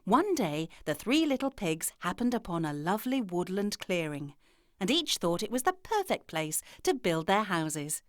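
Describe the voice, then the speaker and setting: A woman narrating children's fairy tales in an expressive storytelling manner. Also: mid-range voice, normal speed, no room sound, clean studio sound.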